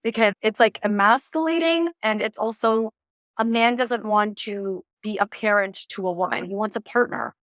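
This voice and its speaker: A woman's voice: mid-range voice, normal speed, no echo, studio quality. A woman giving relationship advice in a casual interview, playful and lighthearted, acting out what people say. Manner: lively, acts out quoted lines. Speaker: relationship coach guest.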